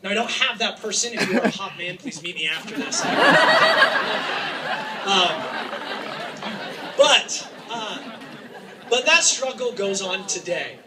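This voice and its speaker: A man from Utah giving an impassioned, joking public speech to a crowd as an activist, sometimes raising his voice to a shout. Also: sits high, expressive, slow pace, long pauses. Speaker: activist speaking at a rally. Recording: distant mic with faint background noise.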